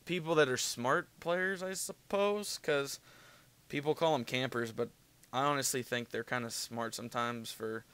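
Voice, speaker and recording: Gravelly young man rambling over gameplay. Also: mid-range voice, a bit bright. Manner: rambling, filler-heavy, profane. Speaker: gaming video commentator. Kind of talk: casual gameplay commentary.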